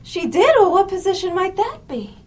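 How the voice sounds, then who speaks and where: A woman's voice: very high voice, sing-song, normal speed, low-quality recording. A woman hosting a horror show, flirty and theatrical in a campy sketch.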